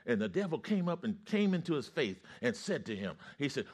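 A man's voice: on the high side, brisk. Male preacher with call-and-response delivery. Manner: call-and-response, building to loud excitement. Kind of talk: sermon.

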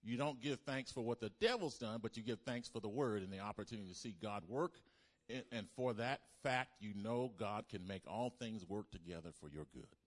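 A man preaching a sermon as pastor, animated, calling the congregation to respond. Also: fairly low pitch, fairly quick.

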